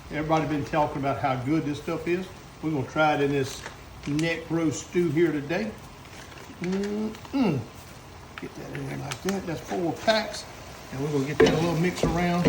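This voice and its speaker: A man with a Southern US accent hosting a casual cooking video, talking folksy and breaking into excited exclamations as he cooks. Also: a little high, roomy sound, background noise. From Southern United States. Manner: folksy, excited exclamations, talks to the camera operator. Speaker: host cooking on camera.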